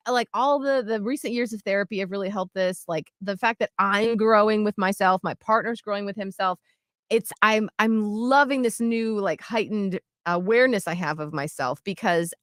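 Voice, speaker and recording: Woman radio co-host, thirties, animated and self-deprecating, long rambling stories, medium pitch, dry studio sound. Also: moderate pace, no room sound. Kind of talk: candid casual chat.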